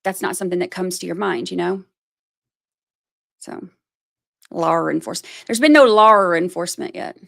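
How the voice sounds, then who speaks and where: A woman's voice: lowish voice, normal speed, vocal fry, long pauses, a bit bright. A woman hosting a livestream, chatting casually about a court case. She rambles, thinks aloud and fills her talk with "like" and "you know.". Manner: self-deprecating, thinks aloud. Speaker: livestream host commenting on a trial. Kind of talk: casual livestream commentary, reading chat aloud.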